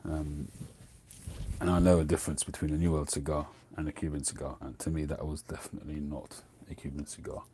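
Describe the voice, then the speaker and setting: Deep-voiced, husky rambling male host. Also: level tone, brisk, dark tone. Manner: rambling, chatty, drifting off topic. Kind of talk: casual livestream chat.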